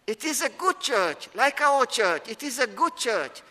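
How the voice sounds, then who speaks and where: Middle-aged male pastor, high, bright preaching voice, earnest and emphatic, in a reverberant church. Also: sing-song. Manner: earnest, emphatic preaching with slowed stresses and repeated phrases. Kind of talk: sermon. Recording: long reverb of a large hall.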